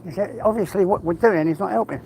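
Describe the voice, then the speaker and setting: A man's voice: high voice, fast talker, creaky, darkish tone. A man with an English accent rambling casually in a walk-and-talk vlog while out of breath, talking now and then to his dog. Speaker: vlogger. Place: outdoors on a walk. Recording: noisy outdoor phone recording.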